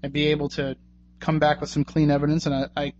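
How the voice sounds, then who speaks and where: A little high yet darkish in tone, this radio host speaks in a quick monotone while finishing his talk show. Rambling and chatty, he thanks his guests and plugs contacts. The recording is muffled with a faint hum.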